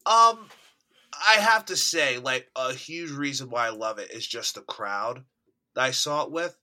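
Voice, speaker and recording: A young man chatting casually on a podcast, upbeat and quick to laugh. His voice is very bright and sharp. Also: mid-range voice, expressive. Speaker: podcast co-host. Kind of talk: casual chat.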